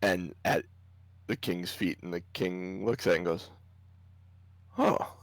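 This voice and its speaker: Game master, man, low voice, dry close sound, laid-back narration. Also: little pitch movement, moderate pace, dry recording. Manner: casual, laughs often while narrating.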